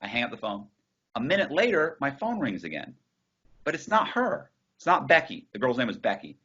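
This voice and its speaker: A man's voice: medium pitch, huge pitch swings, brisk, bright, forceful tone, husky, highs cut off. A man in an interview telling a story casually and bluntly, acting out the dialogue and swearing freely. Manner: acts out dialogue from his story.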